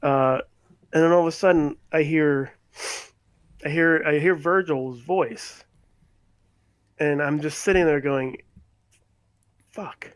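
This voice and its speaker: A man co-hosting a live stream, telling a story in a halting way, repeating words and laughing. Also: fairly high pitch, fairly even intonation, smooth, no echo. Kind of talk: casual storytelling.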